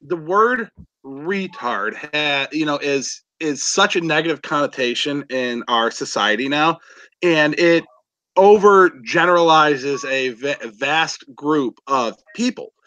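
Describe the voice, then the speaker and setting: Bright, high-voiced chatty man. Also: slow pace, rough recording. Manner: laughing, boastful and candid. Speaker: guest. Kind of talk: casual chat.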